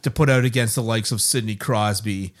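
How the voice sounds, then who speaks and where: Laid-back man hosting a hockey podcast. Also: on the low side. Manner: laid-back, joking, quick to laugh. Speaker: podcast co-host. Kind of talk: casual hockey chat. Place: garage.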